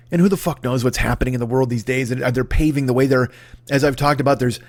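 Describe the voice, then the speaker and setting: A man hosts a solo comedy podcast from his apartment. He talks in a profane, self-mocking way, swinging between loud rants and low mutters. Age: 50s. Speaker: podcast host. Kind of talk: rambling solo comedy monologue. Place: home apartment.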